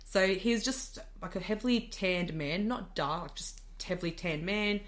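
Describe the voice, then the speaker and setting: An Australian woman, a podcast guest, telling a story in casual chat, animated and full of "like" fillers. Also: fairly low pitch, moderate pace. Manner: animated, many "like" fillers, laughs often.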